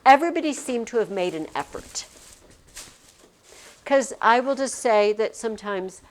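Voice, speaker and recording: A woman teaching a class in a chatty, rambling way, cutting herself off and starting over. Her voice sits a little high. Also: expressive, moderate pace. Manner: chatty, rambling, self-interrupting.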